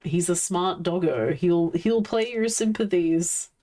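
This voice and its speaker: Slow-talking woman streamer coaxing her pets. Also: on the low side, warm tone. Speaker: live streamer. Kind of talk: casual live-stream chat.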